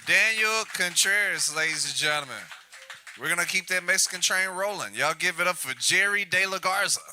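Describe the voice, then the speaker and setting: A man's voice: sits high, animated, sharp tone, slight background noise. A man emceeing a live stand-up show, drawing out each comic's name as he brings them up. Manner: drawn-out hype introductions of names. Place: comedy club stage.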